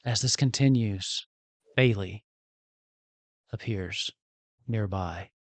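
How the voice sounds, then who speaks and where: A man narrates a tabletop game as game master, slow and measured and building the drama. His voice sounds close and dry. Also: lowish voice, no room sound.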